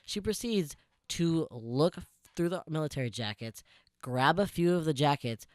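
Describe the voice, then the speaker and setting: A man's voice: fairly high pitch, expressive, moderate pace, dry recording. A young man talks into a close podcast mic, dry and near with no room sound. He retells a work story casually and sarcastically, swearing freely. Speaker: podcast co-host.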